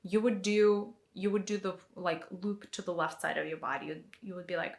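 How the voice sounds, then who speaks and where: A woman's voice: fairly low pitch, steady tone, a little fast, gravelly. A woman teaching a guided energy meditation in a chatty way, with lots of fillers as she demonstrates hand movements. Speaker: spiritual teacher.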